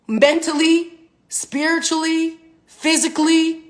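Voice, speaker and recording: A woman's voice: very high-pitched, flat delivery, slow pace. A woman in her twenties, a professional athlete, ranting emphatically and profanely on a phone livestream. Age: 20s. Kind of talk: livestream rant.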